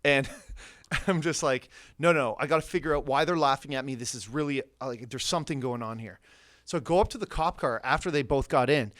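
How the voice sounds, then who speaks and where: Bright-voiced, profane Canadian man. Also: medium pitch, a little fast. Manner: animated, profane, laughs through his story. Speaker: podcast guest. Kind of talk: casual storytelling.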